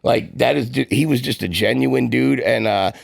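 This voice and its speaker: A man co-hosting a roofing podcast, telling a long story in a quick, rambling way full of fillers. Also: medium pitch, creaky, dry recording, studio quality. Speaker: podcast co-host. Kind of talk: casual podcast chat.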